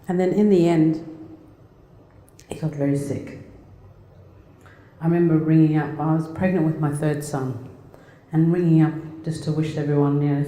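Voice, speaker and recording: A middle-aged woman from Australia giving a personal talk, telling a family story in a plain, halting, reflective way. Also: low-pitched, warm tone. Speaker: speaker. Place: lecture hall. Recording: echoey hall.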